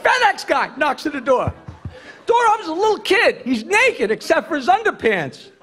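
A man's voice: very high voice, sing-song, normal speed, a bit bright, soft background music. A middle-aged man doing stand-up on a comedy club stage, firing off jokes and cracking up at his own punchlines. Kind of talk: stand-up joke telling.

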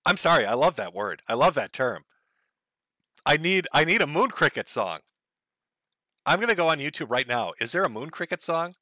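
A man hosts a loose livestream and talks casually while reading chat out loud. His voice sits a little high and bright, with a crude, joking manner and frequent laughter. The sound is close and dry, with no room around it. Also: sing-song, moderate pace, long pauses, no echo. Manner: crude, joking, laughs often between lines.

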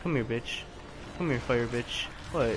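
A man's voice: mid-range voice, unhurried, background noise. A man commentating a video game live, frustrated, swearing and taunting the enemies on screen. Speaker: let's play gamer.

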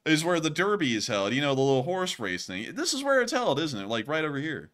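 A man's voice: on the high side, sing-song, fast talker, a bit bright. A man hosting a show, chatting casually and joking, laughing often and stumbling over his words. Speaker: news show host. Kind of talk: casual banter on a live show.

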